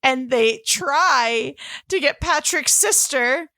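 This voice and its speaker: Bright-voiced woman podcast co-host. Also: sits high, slow, dry recording, clean studio sound. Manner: animated and gushing, full of fillers and laughs. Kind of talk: casual chat.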